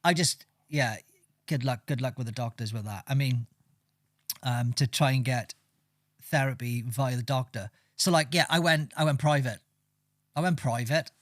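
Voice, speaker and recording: Blunt, swearing podcast co-host. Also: male voice, medium pitch, moderate pace, fairly bright tone, no echo, studio quality. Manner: blunt, heavy swearing, rambling. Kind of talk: casual chat.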